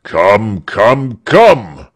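A man voicing a stern, short-tempered male governor who talks in a quick, abrupt way and repeats himself. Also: on the low side, big pitch swings, exaggerated voice. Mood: impatient.

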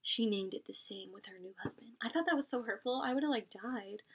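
A woman's voice: on the high side, a little fast, husky. A young woman in casual book vlog chat, talking expressively with lots of fillers, recorded at home on a camera mic. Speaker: book vlogger.

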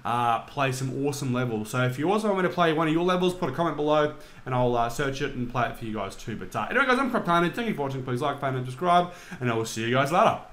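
A young man commentating on his own gameplay, excitable, swearing and shouting at the game. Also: mid-range voice, rapid-fire. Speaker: gaming channel host.

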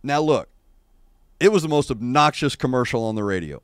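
A middle-aged man hosting a casual livestream chat, telling rambling, wry and animated stories into a streaming microphone. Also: medium pitch, a little fast, dry recording, studio quality. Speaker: show host. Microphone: adjustable streaming microphone.

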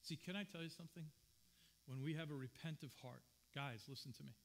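In a church sanctuary, a male pastor preaches a sermon in a fairly high voice at a brisk pace. He is earnest and personal, telling stories from his own life.

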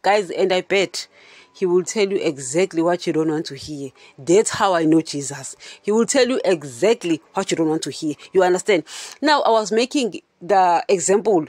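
A woman's voice: fairly low pitch, lively intonation, moderate pace, a little mellow, husky, dry recording. A woman hosting a Christian podcast, teaching in a casual, chatty way and often asking her listeners if they understand. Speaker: podcast host.

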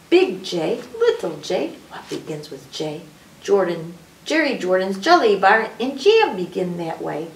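A woman's voice: medium pitch, very animated, measured pace, gravelly, a little hiss or hum. A woman hosting a children's story time, teaching alphabet rhymes and drawing out each letter's sound. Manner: sing-song, stretches out letter sounds. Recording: echoey room, picked up from a distance.

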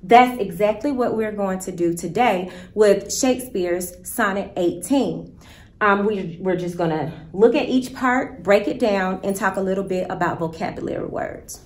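A woman teacher giving a recorded virtual lesson, explaining step by step in a patient, deliberate way. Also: mid-range voice, darkish tone, echoey room.

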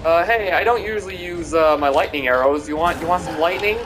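A man's voice: on the high side, fairly quick, background noise. A young man giving casual, mocking commentary while playing a video game, often stammering and repeating himself. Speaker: gamer streamer. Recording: game music in background.

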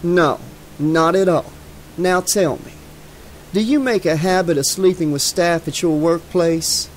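A courteous killer in an audiobook thriller, silky and patronizing, with a slightly raised, even tone, as a male narrator puts him on. Faint noise hums under the reading. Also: a little high, measured pace, natural voice. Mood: smooth, probing. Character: polite sinister middle-aged man, smooth charmer.

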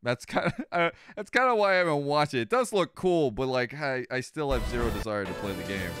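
A man streaming a game, chatting casually, excitable and swearing, jumping into shouts and tangents. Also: mid-range voice, brisk, clean tone, dry recording, faint music behind. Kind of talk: let's play commentary.

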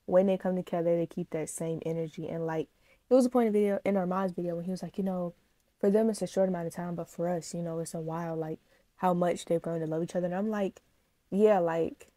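A woman's voice: fairly low pitch, fast, no room sound. Chatty, emotional woman reaction vlogger, dry sound. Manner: chatty, animated, addresses viewers as y'all; emotional, gushing. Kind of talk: casual reaction vlog.

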